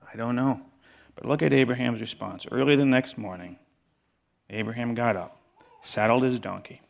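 A man's voice: normal speed, vocal fry, long pauses, muffled recording. Earnest man preaching a sermon. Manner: earnest, repeats words for emphasis, drops to quiet low tones.

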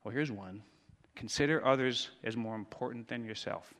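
A man preaching a sermon as pastor, swinging from quiet, intimate lines to loud, dramatic ones. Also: mid-range voice, normal speed. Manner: dramatic swings from hushed to shouting. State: out of breath.

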